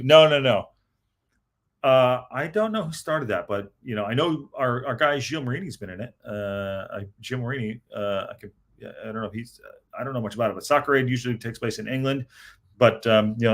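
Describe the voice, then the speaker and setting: A man's voice: mid-range voice, a little fast, fairly bright tone. A man hosting a casual live-stream podcast, reading the chat aloud and rambling with lots of fillers and restarts. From United States.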